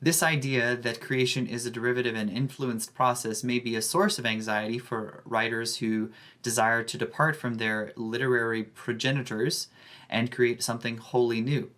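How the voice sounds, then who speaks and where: A man, a high school English teacher, giving a scripted academic presentation with a careful, measured delivery. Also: fairly even intonation, a bit bright.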